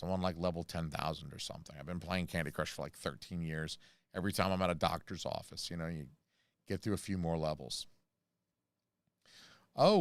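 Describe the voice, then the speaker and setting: A man's voice: fairly low pitch, a bit bright, smooth, dry recording. An American man hosting a casual livestream, rambling through jokey asides and reading chat messages. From United States. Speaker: channel host reading live chat.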